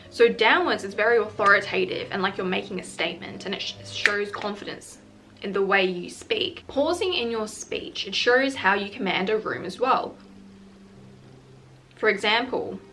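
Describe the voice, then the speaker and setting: A woman's voice: medium pitch, fairly bright tone. A young woman in her twenties giving casual advice in a vlog to camera, chatty and confiding, with self-deprecating asides. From Australia. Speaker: YouTube creator.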